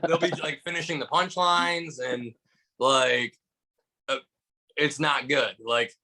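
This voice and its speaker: A man's voice: a little high, takes it slowly, crowd noise, low-quality recording. A young man from Michigan, a stand-up comedian and podcast guest, telling stories in casual chat full of "like" fillers. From Michigan, USA. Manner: animated storyteller, heavy use of "like" fillers.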